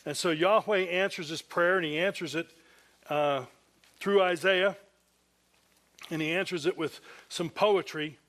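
High-voiced man preaching a sermon. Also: a little slow, long pauses, fairly bright tone. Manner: earnest, conversational preaching with dramatized quotes. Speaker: pastor.

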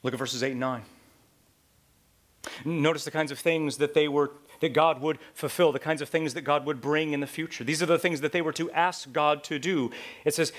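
A man preaching a sermon, dropping to near-whispers and rising to fervent shouts, often asking the listeners rhetorical questions. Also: fairly high pitch, steady tone, normal speed. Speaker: pastor.

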